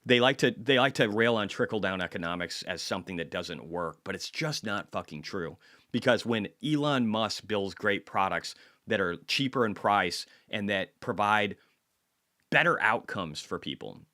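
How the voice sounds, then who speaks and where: A man's voice: lowish voice, expressive, normal speed, bright, forceful tone. Man, market commentary host, casual vlog, blunt, swears a lot, off-the-cuff. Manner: blunt and profane, apologizes for tangents.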